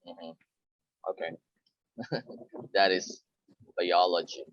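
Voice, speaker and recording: A man tutoring English speaking over a call, patiently correcting pronunciation and repeating words slowly. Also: deep voice, no echo, highs cut off. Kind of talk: one-on-one pronunciation coaching.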